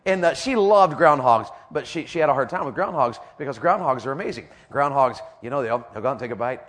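A man's voice: on the high side, expressive, brisk, hardly any pauses, a bit bright. A middle-aged man preaching a sermon, folksy and repetitive, calling out questions to the crowd. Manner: folksy, repeats lines, calls out to the audience. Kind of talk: sermon with stories.

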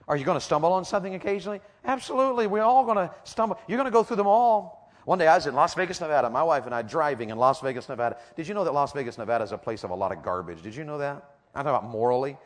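In a big church auditorium, a middle-aged preacher with a fairly high voice engages his congregation through call-and-response and rhetorical questions, the sound carrying the feel of a large hall.

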